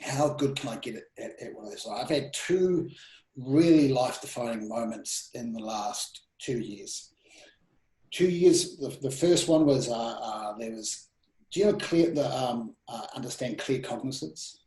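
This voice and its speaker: A man in his thirties telling personal stories in an interview, animated and full of restarts and quoted self-talk. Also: medium pitch, measured pace. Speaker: guest speaker. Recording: roomy echo.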